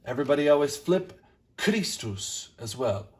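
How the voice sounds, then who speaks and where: A man directing a choir rehearsal, coaching singers and speaking lines of the text slowly to model their phrasing. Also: medium pitch, expressive, a little mellow, recorded from a distance. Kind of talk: rehearsal instruction.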